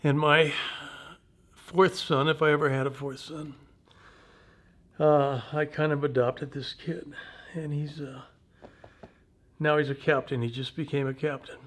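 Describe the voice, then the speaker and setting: A man in his seventies, a veteran telling personal war stories in an interview, in an unhurried, halting, folksy way. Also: on the high side, flat delivery. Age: 70s.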